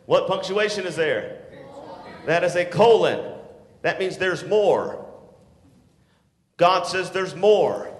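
A man preaching a sermon to teenagers, swinging from shouts to hushed tones and calling for responses. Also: high-pitched. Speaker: youth pastor. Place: church sanctuary. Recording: echoey hall.

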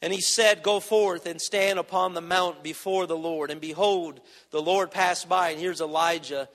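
Male preacher, high voice, impassioned sermon, reverberant church hall. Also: steady tone, moderate pace, fairly bright tone. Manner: impassioned, rising and dropping in volume, acting out prayers.

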